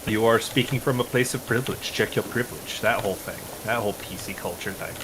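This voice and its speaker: A man's voice: on the low side, fast talker, noisy background. A man chatting casually while gaming on a stream. He is rambling and opinionated, and he swears freely. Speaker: streamer co-host.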